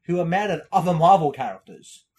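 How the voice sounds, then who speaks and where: A man's voice: fairly high pitch, animated, brisk, darkish tone. A man co-hosting a casual podcast chat about movies and shows, laughing often and acting out quotes. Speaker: podcast co-host.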